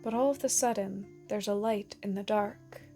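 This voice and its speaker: A woman narrating a scripted video essay in a measured, explanatory way, with dramatic emphasis on key lines. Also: mid-range voice, warm tone, soft background music.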